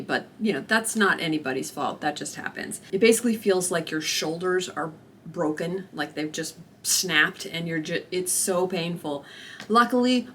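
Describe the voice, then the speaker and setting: A young woman vlogging, telling a personal story to camera in an animated, expressive way, acting out what people said. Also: lowish voice, slight background noise. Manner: animated, expressive retelling with acted-out quotes and laughter.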